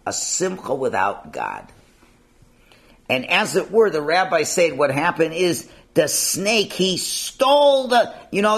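Man teaching torah, lively up and down voice, casual and chatty, lots of questions. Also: on the high side, gravelly. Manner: animated, conversational, rhetorical questions. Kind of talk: informal lesson.

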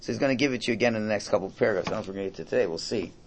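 A man's voice: lowish voice, racing, slight background noise. A middle-aged man teaching a religious class. He translates a Hebrew text aloud in a conversational, jokey way, with many restarts.

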